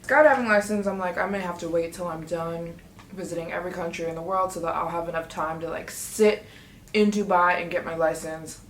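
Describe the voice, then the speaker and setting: A woman telling a story in a casual vlog, chatty and excitable, often acting out what she and others said. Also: on the low side, a little fast, slight background noise. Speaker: travel vlogger. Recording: echoey room.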